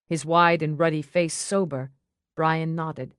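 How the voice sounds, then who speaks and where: A woman narrating a fantasy audiobook in an expressive way, acting out every character. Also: sits low, unhurried, smooth, dry recording, clean studio sound. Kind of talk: scripted narration.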